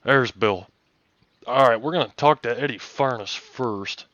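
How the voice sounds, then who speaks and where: Hoarse folksy race interviewer man. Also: medium pitch, unhurried, no echo, highs cut off. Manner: folksy, excitable, many fillers. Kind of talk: casual post-race interview over voice chat.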